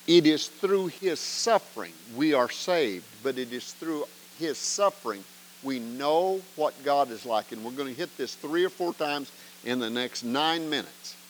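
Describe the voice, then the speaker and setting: A man's voice: medium pitch, lively intonation, unhurried, a little hiss or hum, low-quality recording. A man teaching an evening Bible study as a pastor, earnest and emphatic, often asking rhetorical questions.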